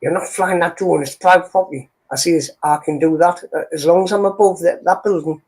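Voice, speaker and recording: Brief: man, husky and warm, who talks steadily through a story. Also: on the high side, a little fast. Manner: steady, quotes conversations with "I says". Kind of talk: casual chat.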